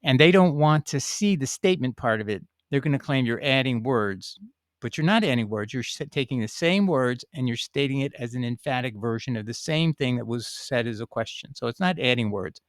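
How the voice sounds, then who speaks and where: A man of middle pitch talks through a screen-shared passage and answers a viewer's objection. He is emphatic but rambling, and he restarts often. The sound is close and dry, with no room echo. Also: lively intonation, a little fast. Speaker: Bible teacher answering a viewer. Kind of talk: casual screen-share teaching.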